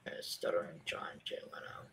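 A man co-hosting a casual live-stream chat, reading things out in a deadpan, unimpressed way. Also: a little fast, in a whisper, rough recording. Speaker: co-host.

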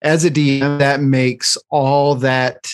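A man's voice: mid-range voice, level tone, slow, clear, resonant tone, dry recording, studio quality. A man co-hosting a casual podcast about tabletop gaming, rambling and laughing at himself. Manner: rambling, laughs often, self-deprecating. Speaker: podcast co-host, dungeon master. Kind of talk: casual chat.

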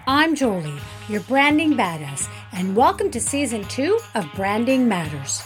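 A woman hosting a branding podcast, reading a scripted intro and then chatting upbeat with a guest. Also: fairly high pitch. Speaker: podcast host. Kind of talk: scripted intro then casual interview chat.

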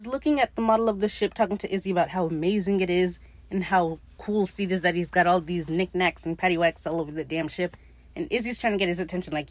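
Woman, lowish voice, dry close sound; casual foul-mouthed recap host who gushes over the show. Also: fast talker, dry recording. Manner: profane, gushing, quotes characters in her own voice. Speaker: podcast host.

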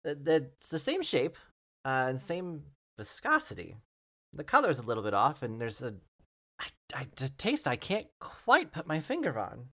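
A man's voice: on the high side, wildly swooping pitch, normal speed, sharp tone. Hesitant game master man. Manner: hesitant, filler-heavy narration. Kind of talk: narrating a tabletop game.

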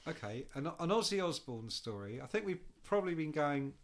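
Man, casual anecdotes, swears a lot, lively swooping pitch. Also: fairly quick. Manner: animated storyteller, swears freely, acts out other people's voices. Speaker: podcast guest telling road stories. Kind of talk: casual chat, anecdote telling.

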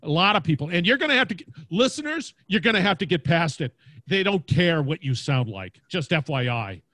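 An energetic man with a big booming voice, chatting casually in a podcast interview and laughing often. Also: brisk, dry recording. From Louisiana, United States. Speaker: podcast host and guest. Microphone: podcast mic.

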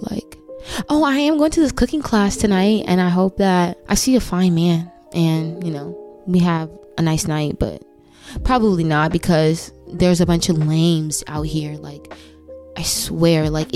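A woman's voice: fairly low pitch, darkish tone. Young woman, aave, sassy podcast rant, swoops up and down a lot, bit of music under it. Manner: sassy, emphatic, repeats "baby" and "like". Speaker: podcast host. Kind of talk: candid solo podcast talk.

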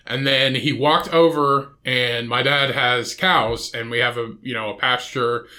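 A man rants through a solo podcast episode. His voice is bright and forward, and he drifts from story to story, swearing freely and casually the whole way. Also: medium pitch, fairly even intonation, a little slow. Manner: profane, rambling, swears constantly. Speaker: podcast host.

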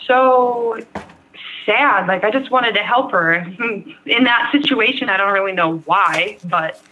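A woman's voice: mid-range voice, moderate pace, a little hiss or hum. Frank young woman on a tinny remote line. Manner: rambling, frank, heavy use of "like" and "um". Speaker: guest. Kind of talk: candid personal story in an interview.

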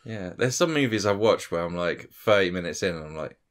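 A man in a casual chat among friends, jokey, quick to blurt out guesses and swearing freely. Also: low-pitched, lively intonation.

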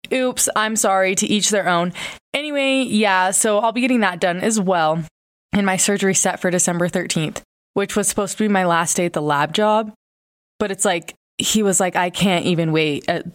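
A woman in her twenties who sounds congested and nasal from a broken nose, chatting candidly and casually as a podcast host, with plenty of fillers and swearing. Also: on the low side. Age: 20s. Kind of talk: casual chat.

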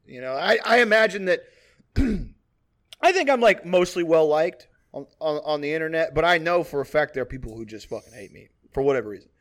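A man co-hosting a podcast in loose comedic banter, his voice fairly high and swinging widely in pitch. He talks loud and rambles, tripping over restarts and fillers. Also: animated, brisk. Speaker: podcast co-host.

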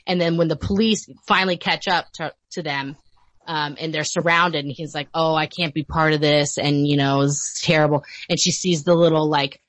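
Podcast guest, woman around thirties, low voice, dry close sound, lively storyteller. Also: dry recording. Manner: animated retelling, quick laughs, acts out quotes. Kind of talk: casual film chat.

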